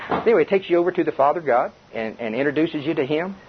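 A man's voice: fairly high pitch, expressive, fairly quick. An older man preaching a chuckling, conversational sermon to a congregation. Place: church before a congregation. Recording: dull lo-fi tape with faint hiss.

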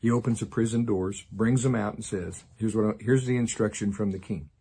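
A man's voice: fairly low pitch, fairly even intonation, moderate pace, mellow, slightly rough. A man preaching a sermon, laughing often and making sarcastic asides. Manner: sarcastic, laughing, acts out voices.

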